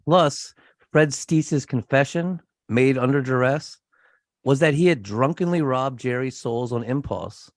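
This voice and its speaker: A man's voice: medium pitch, a little slow, no room sound. A man co-hosting a true crime podcast, chatting casually and joking with his co-host between case details.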